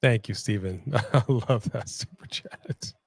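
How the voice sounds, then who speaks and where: A man co-hosting a live wrestling watch-along, joking around and breaking into loud shouted bits. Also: on the low side, unhurried, gravelly, dry recording, studio quality. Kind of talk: casual live-stream commentary.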